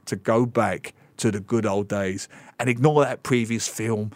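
A man in his forties, a radio guest, talks films in a casual, animated and sarcastic way with mocking asides, on a studio microphone. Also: lowish voice, unhurried, no room sound. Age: 40s. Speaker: radio guest and film commentator.

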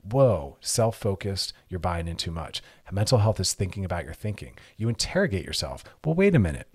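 A man's voice: deep voice, expressive, normal speed, a little mellow, slightly rough. A man hosting an advice show, talking earnestly and directly, coaching listeners with repeated commands. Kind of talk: advice podcast monologue.

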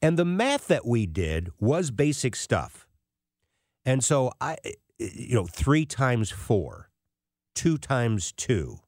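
A man's voice: medium pitch, a little mellow, no echo, studio quality. A man in his sixties telling self-deprecating anecdotes in a casual monologue as a financial commentator. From United States.

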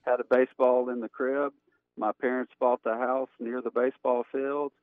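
A male pastor, a guest, telling stories in relaxed, plainspoken casual chat. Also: medium pitch, normal speed, no room sound. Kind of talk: casual chat over a phone line. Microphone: phone. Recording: tinny phone line.

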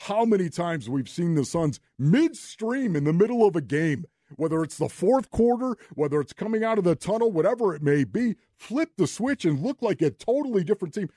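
Emphatic sports radio host, dry studio. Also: male voice, sits high, big pitch swings, fairly quick, hardly any pauses, dark tone, no room sound. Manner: emphatic, rhetorical questions.

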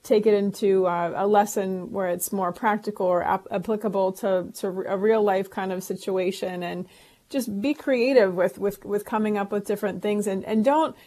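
A woman's voice: mid-range voice, steady tone, moderate pace, warm tone. Earnest, reassuring woman co-host. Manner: earnest, reassuring, many restarts. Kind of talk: casual advice talk.

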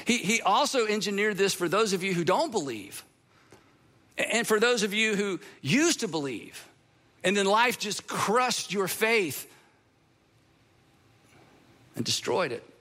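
Bright, high-voiced earnest male preacher. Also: expressive. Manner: earnest, emphatic, repeats key phrases, slows to a crawl for emphasis. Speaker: pastor. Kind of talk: sermon.

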